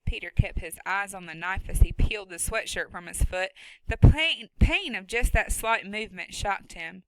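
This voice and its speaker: A woman's voice: medium pitch, normal speed, no room sound, poor audio. A woman narrating a novel steadily and expressively, close to a studio mic. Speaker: audiobook narrator. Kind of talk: scripted narration.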